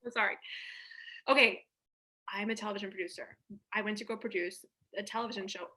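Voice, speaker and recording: A woman's voice: medium pitch, steady tone, fast talker, bright, forceful tone. A young woman co-hosting a podcast, chatting and telling funny stories in a joking, talkative way. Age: young adult. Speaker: podcast co-host. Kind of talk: casual comedic chat.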